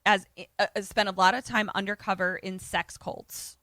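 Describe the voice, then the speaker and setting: Bright, animated woman podcast co-host. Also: mid-range voice, moderate pace, no echo. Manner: animated, profane, acts out voices. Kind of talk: casual chat retelling a film.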